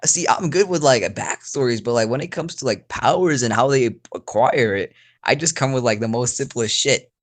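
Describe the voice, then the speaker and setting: A man's voice: medium pitch, normal speed. A young man host rambling through a made-up story in casual chat, swearing and full of fillers. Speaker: channel host.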